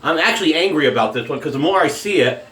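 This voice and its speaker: A man's voice: a little high, animated, quick pace, fairly bright tone. Angry man ranting, echoey room. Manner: heated, profane, blunt. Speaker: shaving vlogger. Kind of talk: angry political rant.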